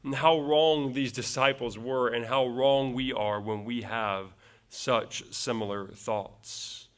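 A man's voice: medium pitch, slow pace, fairly bright tone. A male pastor preaching a verse-by-verse sermon, earnest, repeating phrases for emphasis and closing points with rhetorical tag questions.

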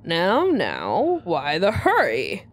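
A woman's voice: fairly low pitch, wildly swooping pitch, pitched below the performer's own voice, exaggerated voice. A woman voicing a menacing, sweet-talking Southern man with a put-on drawl, reading a visual novel villain aloud. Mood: syrupy menace. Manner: slow, syrupy, threatening.

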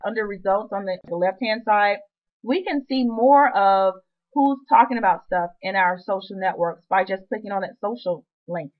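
A woman's voice: mid-range voice, moderate pace, phone-quality sound. A woman presenting a screen-recorded web marketing tutorial, chatty and upbeat with playful asides.

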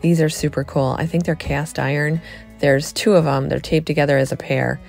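A middle-aged woman chatting excitedly to viewers as she shops a thrift store, filming on a handheld phone. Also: deep voice, normal speed, creaky, soft background music. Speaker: vlogger. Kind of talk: casual thrift-store vlog chat.

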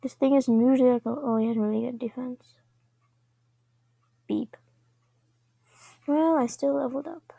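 A high, very breathy woman's voice talks through a match in an unhurried, casual way. Her tone is mellow with a gravelly fry underneath. She keeps slipping into hushed asides between remarks. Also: steady tone, no room sound, lo-fi sound. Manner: chatty, often drops into whispers. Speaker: gameplay commentator. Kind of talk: casual gaming commentary.

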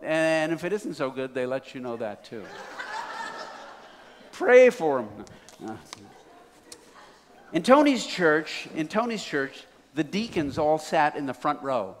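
A man's voice: fairly high pitch, unhurried. A man preaching a sermon, telling a folksy story to a congregation. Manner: folksy, building to excited. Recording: reverberant hall.

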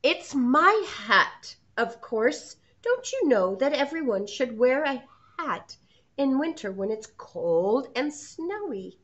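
A woman's voice: high-pitched, sing-song, slow, pitched above the performer's own voice, full character voice. Woman doing an earnest little hedgehog. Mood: indignant. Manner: innocent, insistent. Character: gentle, earnest young male hedgehog. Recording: muffled lo-fi sound.

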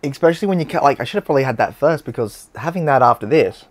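A man's voice: mid-range voice, animated, racing. An Australian man hosting a casual beer-tasting vlog, chatty and blunt, with slang and swearing.

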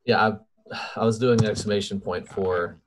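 A man's voice: on the low side, steady tone, moderate pace, noisy background. A man playing in a tabletop game, chatting casually and joking at his own expense. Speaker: player. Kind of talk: casual chat.

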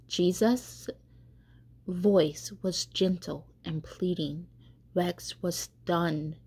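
A woman catechist reading a children's storybook aloud in a gentle, unhurried way. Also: fairly low pitch, breathy edge.

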